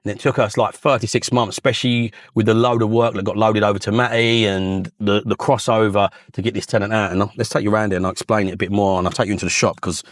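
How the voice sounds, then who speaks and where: This Northern English property vlogger leads a relaxed walking tour of his holdings outdoors, his lowish voice staying level as he talks quickly with hardly any pauses. Blunt and talkative, he spins anecdotes and drops the odd swear word.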